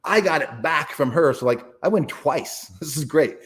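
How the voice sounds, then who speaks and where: Here a man with a slightly high, somewhat bright voice speaks at a normal pace with plenty of expression. He's an author appearing as an interview guest, recounting something personal in a loose, profane, emphatic style full of restarts.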